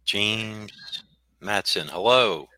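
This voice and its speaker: A man's voice: on the low side, very slow, sharp tone, clean tone, no echo. A middle-aged man with a faint Brooklyn accent, a guest author rambling on a video call and stopping himself mid-sentence. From United States. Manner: rambling, self-interrupting, reads a synopsis aloud. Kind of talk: casual interview chat.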